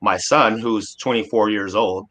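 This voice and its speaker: A man in his forties from Alaska with a lowish voice, speaking as a guest in a relaxed discussion. He talks earnestly and with emphasis, often starting a sentence over before pushing on. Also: measured pace. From Alaska, USA. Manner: earnest, emphatic, with many restarts. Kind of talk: casual panel discussion.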